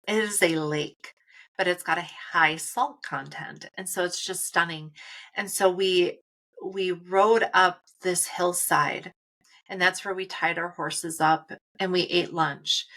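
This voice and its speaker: A woman hosts a spiritual conversation, her voice pitched on the low side yet bright and forward. She talks in a calm, guiding way and slows down to dwell on moments of stillness. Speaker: podcast co-host. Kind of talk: reflective spiritual talk.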